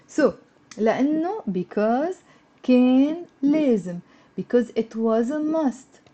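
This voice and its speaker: Woman, language teacher, live online lesson, encouraging, repeats phrases slowly, mellow voice, dull lo-fi sound. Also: on the high side. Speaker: Lebanese Arabic teacher.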